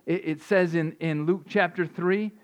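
A man's voice: on the high side, fairly even intonation, moderate pace. A man preaching an informal sermon in a conversational way, often repeating and restarting words. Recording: dull lo-fi sound.

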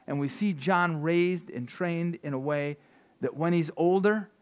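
A man's voice: a little high, a little slow, smooth. A man preaching an informal sermon in a conversational way, often repeating and restarting words. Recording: dull lo-fi sound.

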